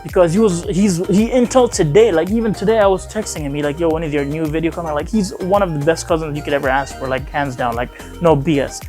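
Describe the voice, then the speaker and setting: A man's voice: a little high, quick pace, hardly any pauses, a little mellow, soft background music. A young man from Afghanistan casually telling a long personal story in a vlog, rambling and acting out the dialogue with lots of "he like" and "I'm like". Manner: rambling, acts out quoted dialogue, frequent "he like". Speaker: vlogger.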